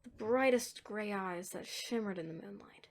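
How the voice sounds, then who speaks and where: A woman narrating a dark story, moving between hushed whispers and emphatic lines. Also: mid-range voice, normal speed.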